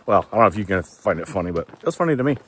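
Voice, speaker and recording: A man's voice: fairly low pitch, big pitch swings, rapid-fire, a little hiss or hum. A man telling casual, folksy stories while hiking outdoors, a little out of breath from climbing. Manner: chatty, loose and folksy, swears casually. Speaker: thru-hiker vlogger.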